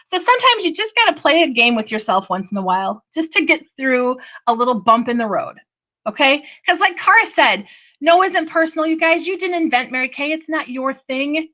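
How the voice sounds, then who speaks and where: Upbeat woman trainer, high bright voice, chatty pep talk, dull lo-fi recording. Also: sing-song, a little fast. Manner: upbeat, chatty, addresses the audience as "you guys". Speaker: sales trainer.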